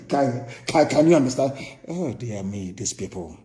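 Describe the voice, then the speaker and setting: A man's voice: medium pitch, lively intonation, unhurried, mellow, reverberant. A man with a Nigerian accent giving a live political broadcast, scornful and impassioned, repeating phrases for emphasis. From southeastern Nigeria. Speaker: broadcaster addressing followers.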